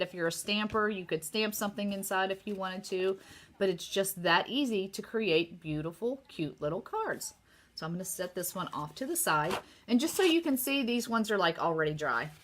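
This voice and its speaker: Bright-voiced chatty woman with a sore throat. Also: medium pitch, animated, brisk. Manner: chatty, upbeat, talking straight to viewers. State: sore throat, slightly losing her voice. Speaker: craft designer demonstrating card making. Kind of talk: casual craft tutorial. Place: home craft table.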